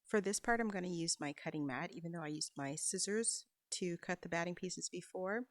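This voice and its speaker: Craft tutor, woman, low-ish pitch, dry close sound, patient step-by-step instructions with casual asides. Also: a little fast, no room sound, low-quality recording. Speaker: quilting instructor. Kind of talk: sewing tutorial voice-over.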